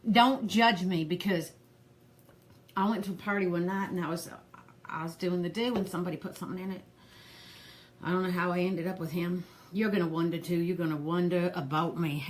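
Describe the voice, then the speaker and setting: A woman's voice: fairly low pitch, natural voice. A woman voicing a harried, gossipy old granny who rambles in a folksy drawl while hosting a pearl party. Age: older. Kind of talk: comedic character live stream.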